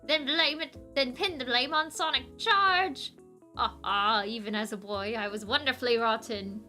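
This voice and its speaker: A woman's voice: fairly high pitch, moderate pace, bright, forceful tone, soft background music. A woman voicing a scheming, gloating male villain while reading a comic aloud. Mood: gleeful. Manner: gloating, sneering delivery. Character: scheming villainous male robot-maker Scrooge. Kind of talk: comic read aloud with voices.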